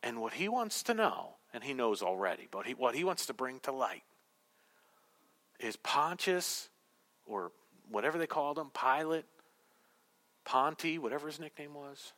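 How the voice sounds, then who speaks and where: A male pastor preaching a sermon to a congregation, swinging from loud, emphatic declarations to hushed whispers. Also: medium pitch, sing-song, moderate pace, long pauses. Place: church hall with congregation.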